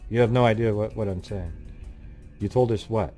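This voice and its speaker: A man's voice: on the low side, normal speed, dark tone, faint music behind. A man hosting a livestream in rambling casual chat, irritably scolding his chat and losing his train of thought. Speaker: livestream host.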